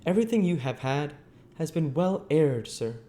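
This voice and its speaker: A man's voice: on the high side, lively intonation, normal speed, mellow, slight background noise, pitched above the performer's own voice, close to an everyday voice. A man voicing a proud, prim elderly housekeeper in a storybook reading. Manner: prim, dignified emphasis.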